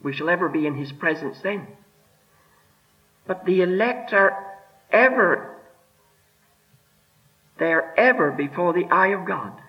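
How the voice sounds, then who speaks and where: A man preaching a sermon with emphatic delivery, rising and dropping, slowing right down to stress his words. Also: high-pitched, lively intonation. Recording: dull lo-fi sermon recording.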